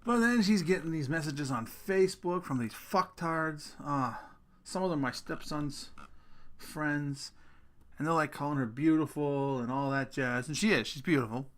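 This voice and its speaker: A middle-aged father ranting casually to his viewers, his voice sitting a little on the high side. He talks in an animated, emphatic way, jumps to loud bursts and swears freely. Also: moderate pace. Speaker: vlogger, father. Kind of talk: casual rant to camera.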